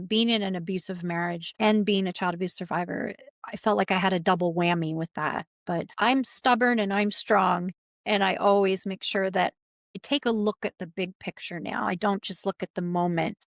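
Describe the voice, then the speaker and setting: A woman's voice: mid-range voice, moderate pace, no room sound. Guest: earnest middle-aged woman, heartfelt interview storytelling, close dry mic. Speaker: pageant titleholder guest.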